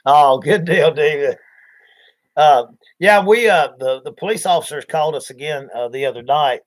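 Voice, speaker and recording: A man hosting a livestream spins rambling, folksy stories and acts out the different voices. His voice sits a little high, and he speaks at a moderate pace.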